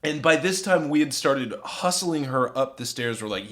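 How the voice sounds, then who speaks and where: A young man tells a crude comic story on a podcast. He rambles and swears, with lots of "like" and restarts. His voice sits at an ordinary middle pitch for a man. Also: lively intonation, moderate pace, few pauses, a bit bright. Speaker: podcast co-host.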